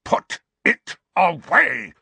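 Guy putting on a croaky raging uncle, bullying, pitched way up and dragged out slow. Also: huge pitch swings, a bit bright, no echo, exaggerated voice. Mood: furious. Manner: snarling, croaky with fury. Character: blustering furious middle-aged uncle, bullying.

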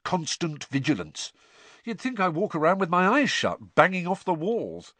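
A man's voice: sits high, very animated, moderate pace, fairly bright tone, no room sound, pitched above the performer's own voice, full character voice. A man doing a teenage schoolboy hero. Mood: plain. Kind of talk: audiobook character voice.

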